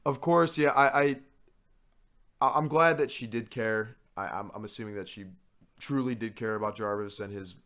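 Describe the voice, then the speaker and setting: A man co-hosting a podcast, telling a story in a casual, animated and profane way. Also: fairly low pitch. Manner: animated, profane, quick to act out others. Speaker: podcast co-host.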